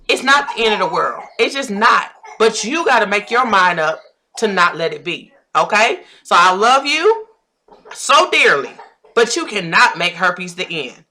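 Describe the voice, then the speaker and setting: Woman, thirties, Southern US accent, life coach, blunt and preachy, bright forceful tone. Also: mid-range voice. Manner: blunt, preachy, repeats phrases for emphasis. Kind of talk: direct-to-camera pep talk.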